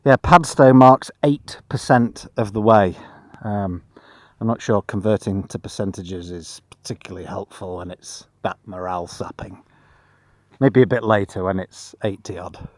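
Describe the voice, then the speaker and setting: A tired man on a long cycling trip, talking outdoors in a dry, self-deprecating monotone as a casual travel vlog. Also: fairly low pitch, normal speed, no room sound. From Britain. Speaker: vlogger.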